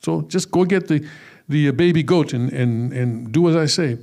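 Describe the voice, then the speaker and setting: A woman's voice: low voice, moderate pace, gravelly, warm tone. A man voicing a scheming mother who casually brushes off her son's worries in a raised, breezy tone. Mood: reassuring.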